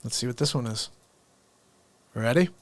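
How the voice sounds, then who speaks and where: Man, host, casual live-stream chat, quick offhand asides, mid pitch. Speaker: comedy show host.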